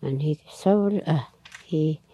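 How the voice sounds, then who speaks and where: A woman telling a traditional story aloud in a halting, unhurried way, with frequent pauses, fillers and nonstandard grammar. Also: deep voice, dark tone, slight background noise, poor audio.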